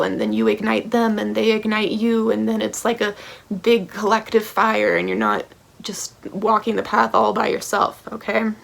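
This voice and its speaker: A woman's voice: medium pitch, creaky. A woman giving a tarot reading to camera, blunt and passionate, swearing freely and checking in with the listener as she goes. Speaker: tarot reader.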